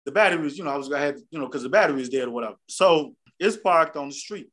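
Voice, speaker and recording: A man's voice: on the high side, racing, a bit bright. A man co-hosting a podcast, telling a long profane story in casual chat. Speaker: podcast co-host.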